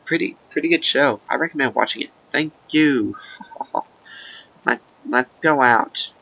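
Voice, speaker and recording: A man doing casual, rambling video game commentary in a gravelly, goofy put-on voice, breaking into silly sing-song chants. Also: medium pitch, a little slow, sharp tone, no room sound, highs cut off. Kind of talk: casual let's-play commentary.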